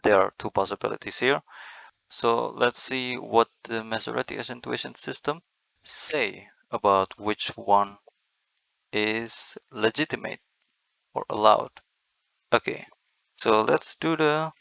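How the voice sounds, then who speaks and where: Slow low-ish gravelly guy lecturing over slides, dry dull lo-fi sound. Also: sharp tone, no room sound. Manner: methodical, talks through slides. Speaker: lecturer on Bible accents. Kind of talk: screen-recorded lecture.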